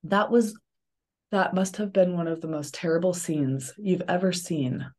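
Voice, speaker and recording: A woman's voice: on the low side, measured pace, a little mellow. A woman therapist, a podcast guest, giving earnest advice in a coaching manner. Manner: earnest, coaching, acts out examples.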